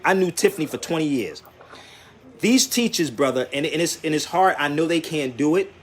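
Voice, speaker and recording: Brief: man, high and very lively voice, insistent street debater, faint noise behind. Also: moderate pace, breathy edge. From Philadelphia, USA. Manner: animated, insistent, repeats "listen" and "bro". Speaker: traveling commentator and radio host.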